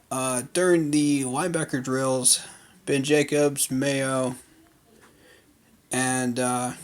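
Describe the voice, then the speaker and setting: A man giving an unscripted recap of a training day, talking loosely with lots of fillers and firm opinions. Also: medium pitch. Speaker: fan commentator. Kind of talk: casual recap vlog.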